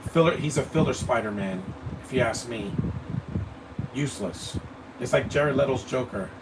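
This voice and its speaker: A man's voice: medium pitch, moderate pace. A man giving live movie commentary, blunt and opinionated, rambling and stammering over his words. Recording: distant mic with air-conditioning hum.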